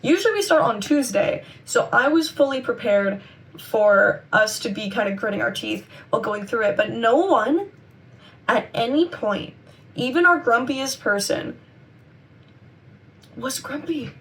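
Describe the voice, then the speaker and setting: A woman's voice: a little high, animated, measured pace, a bit bright, far from the mic. A woman in her twenties, chatty and upbeat, rambling to camera in a casual vlog, her voice a little worn. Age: 20s. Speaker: vlogger and convention seller.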